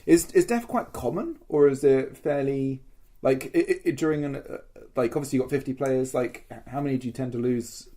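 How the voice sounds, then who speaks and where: A man's voice: mid-range voice, moderate pace, mellow. A man co-hosting a podcast, listening and asking hesitant follow-up questions in casual chat. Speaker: podcast co-host.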